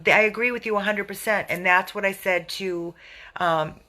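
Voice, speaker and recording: A woman's voice: medium pitch, moderate pace, pushed and bright. A woman who runs an animal rescue, talking on a live video to viewers, answering their comments indignantly and repeating herself.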